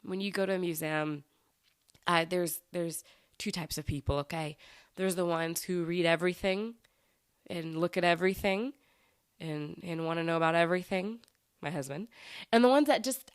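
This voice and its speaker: A woman's voice: on the low side, moderate pace, pauses often, clear, resonant tone, dry recording, clean studio sound. A woman, hosting a podcast and telling a travel story in a chatty way. She laughs often and acts out the people she quotes. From United States. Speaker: podcast host.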